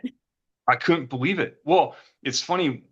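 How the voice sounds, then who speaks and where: A man's voice: on the high side, moderate pace, a bit bright, slightly rough, dull audio. A middle-aged man earnestly recounting a personal experience, rambling and repeating words when he gets emotional. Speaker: retreat guest giving a testimonial.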